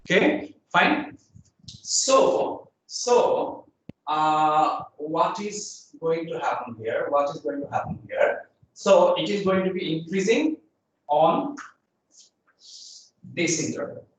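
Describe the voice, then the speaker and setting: A male lecturer with a slightly high voice teaches a class. He repeats key phrases and keeps asking whether everyone follows. He is recorded from far away in a very echoey room, with faint noise underneath. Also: big pitch swings, slow. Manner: repeats phrases, checks in with "is it okay? fine", frequent "I mean" and "uh". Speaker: university lecturer.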